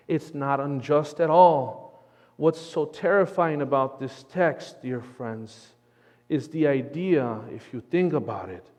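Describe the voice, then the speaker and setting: Earnest Texan pastor in a big hall. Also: male voice, a little high, darkish tone. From Texas. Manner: earnest, emphatic preaching. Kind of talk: sermon. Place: church sanctuary. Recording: long church hall reverb.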